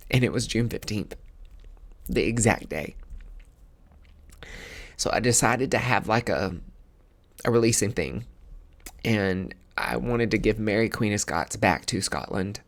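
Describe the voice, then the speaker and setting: A male podcast host with a somewhat low voice tells a personal story in a loose, casual way. He speaks candidly and with open emotion, often restarting his sentences. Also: expressive, a little slow, long pauses. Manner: candid, emotional, given to filler words and restarts.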